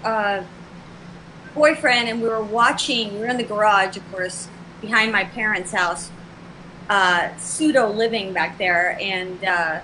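Bright, animated woman telling a story. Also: mid-range voice, a little slow, a little hiss or hum, low-quality recording. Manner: animated, acts out both sides of the dialogue. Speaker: guest. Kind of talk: telling a personal story on a talk show.

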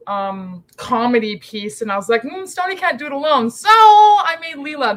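Woman podcast guest, higher-pitched, chatty and animated, quick bursts. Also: rough recording. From Canada. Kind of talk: casual chat.

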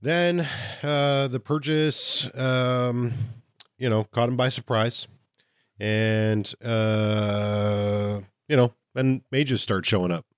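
A man co-hosting a casual podcast, retelling tabletop game lore with profanity and quick asides. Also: mid-range voice, steady tone, smooth, no echo, clean studio sound. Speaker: podcast co-host.

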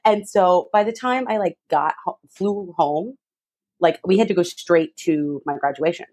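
A young woman telling a lively personal story as an interview guest, acting out other people's voices with big jumps in pitch. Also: a little slow, breathy edge. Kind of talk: animated storytelling.

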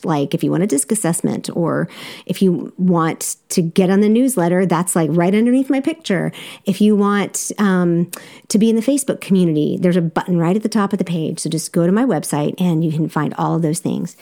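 A life coach with a Southern accent speaks to her podcast listeners directly and encouragingly, with easy laughter, in a solo coaching talk. Her lowish voice is mellow and expressive, and she talks a little fast.

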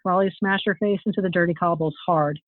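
A woman author reading her own fantasy novel aloud in a steady, expressive storytelling manner. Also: lowish voice, brisk, no room sound. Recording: tinny phone-like, dry sound.

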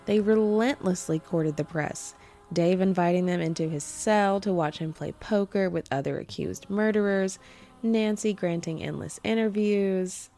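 A woman with a lowish, mellow voice narrates a true-crime tale from a script. She slips in wry personal asides along the way, and faint music plays under her. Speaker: podcast host.

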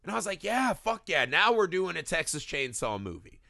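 A man co-hosting a casual podcast, reviewing a horror film with excited, profane enthusiasm and little acted-out bits. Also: high voice, gravelly, dry recording, studio quality. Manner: excited, profane, acts out scenes in quick bursts. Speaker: podcast co-host.

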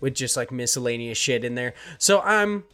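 A man's voice: medium pitch, lively intonation, moderate pace, sharp tone. A young adult man hosting a casual podcast from an echoey room in his new house, talking in a rambling way with lots of fillers and swearing. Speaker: podcast host.

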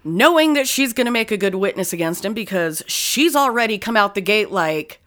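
A woman's voice: medium pitch, animated, normal speed, fairly bright tone. A woman co-hosts a casual true-crime podcast and walks through the case in plain, conversational talk. She swears freely and slips in dry, sarcastic asides as she goes. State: sore tooth. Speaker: podcast co-host.

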